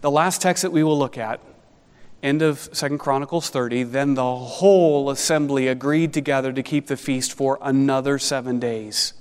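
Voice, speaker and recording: A man preaching an expository sermon as pastor, animated and conversational with wry asides. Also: medium pitch, normal speed, clear, resonant tone, in a large hall.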